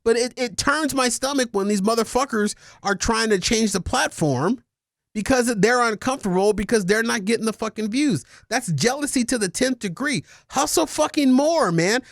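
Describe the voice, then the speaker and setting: A man's voice: extremely high pitch, moderate pace, gravelly, no echo, studio quality. A man co-hosting a casual podcast, ranting emphatically and swearing often. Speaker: podcast co-host.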